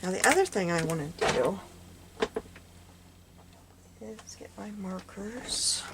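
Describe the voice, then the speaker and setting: A woman's voice: medium pitch, expressive, slow. A woman losing her voice, musing aloud and often dropping to a murmur while she walks through a craft project at home. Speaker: craft vlogger. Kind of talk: casual crafting walkthrough. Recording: clear background noise.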